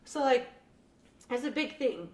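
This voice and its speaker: A young woman who teaches math tells a lively classroom story in a casual interview, laughs often and acts out her students' voices. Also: high-pitched, unhurried. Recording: echoey room, mic at a distance.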